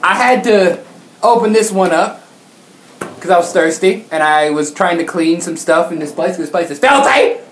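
Animated woman telling a comic story. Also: lowish voice, normal speed, slight background noise. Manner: animated, exaggerated, mock-outraged. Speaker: YouTuber. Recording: roomy echo.

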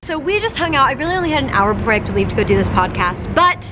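Young woman vlogger, bright-ish voice, chatty and upbeat, faint hiss behind. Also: a little high, sing-song, very fast. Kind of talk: casual vlog chat.

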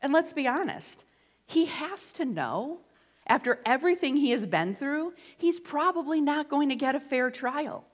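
A woman preaching a sermon in a lively, conversational way with playful asides. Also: high-pitched, moderate pace. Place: church sanctuary. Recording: echoey church hall.

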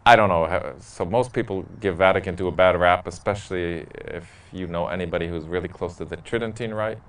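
Low-voiced priest doing a q&a, blunt and jokey, sounds far from the mic. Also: male voice, brisk. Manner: candid, joking storyteller who laughs at his own stories. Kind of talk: casual Q&A talk to a parish group.

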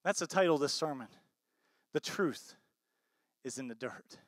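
An American man preaching a sermon as pastor, swinging between loud emphatic bursts and low soft asides, and often asking the congregation questions. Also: animated, moderate pace, no echo, clean studio sound. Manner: asks the congregation rhetorical questions.

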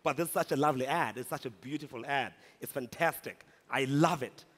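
A man from South Africa giving a humorous, animated conference talk. He tells a story and rises into shouts at the punch lines. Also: medium pitch, a little fast. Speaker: speaker at a conference. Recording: long hall reverb.

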